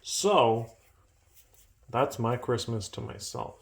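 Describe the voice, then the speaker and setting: A man rambling through a calm, meandering vlog at home while his food cooks. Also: vocal fry, noisy background. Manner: slow, meandering and low-key, trailing off. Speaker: vlogger. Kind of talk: rambling casual vlog monologue. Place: at home in a kitchen, cooking. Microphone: phone camera.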